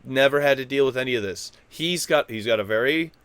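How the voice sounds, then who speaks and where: Loud, goofy man with a bright voice. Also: medium pitch, a little fast, clear, resonant tone, dry recording. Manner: loud, animated, swings between quiet and loud; goofy, self-deprecating. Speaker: YouTube gaming news host. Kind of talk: casual rambling commentary to camera.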